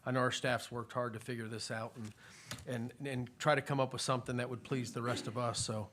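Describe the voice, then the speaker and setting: An easygoing man runs a city council meeting, calling names and answering briefly. His voice sits at a middling pitch. There is faint room ambience behind him. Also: flat delivery, brisk, fairly bright tone, slight background noise. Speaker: mayor chairing a council meeting. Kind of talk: calling speakers at public comment.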